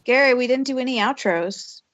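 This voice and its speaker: A woman's voice: high-pitched, a little fast, fairly bright tone, dry recording. A woman co-hosting a podcast, chatting in an easygoing, giggly way. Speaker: podcast co-host. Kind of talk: casual chat. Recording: dull, dry lo-fi audio.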